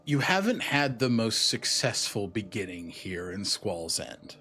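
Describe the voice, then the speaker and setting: A man's voice: fairly low pitch, measured pace. A man hosting a tabletop role-playing game and narrating scenes as game master, upbeat and joking. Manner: upbeat, joking, animated delivery.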